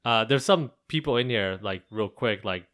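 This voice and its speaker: A man's voice: lowish voice, animated, moderate pace, a bit bright. A man co-hosting a podcast in casual chat, thinking aloud in loose, meandering run-on sentences. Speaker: podcast co-host.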